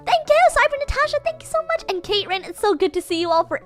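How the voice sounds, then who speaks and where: Bubbly high-voiced young woman streamer. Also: big pitch swings, quick pace, fairly bright tone, soft background music. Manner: bubbly and giggly, thanking viewers. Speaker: VTuber streamer. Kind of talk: casual live-stream chat.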